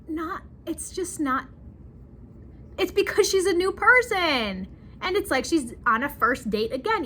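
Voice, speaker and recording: A young woman vlogging about a movie in casual chat, giggly and animated, acting out the characters' lines. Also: sits high, a little hiss or hum.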